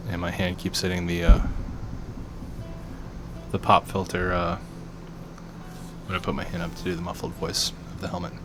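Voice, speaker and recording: A man's voice: low voice, level tone, normal speed, long pauses, music in the background. A man streaming a game playthrough, commenting in a laid-back, joking way.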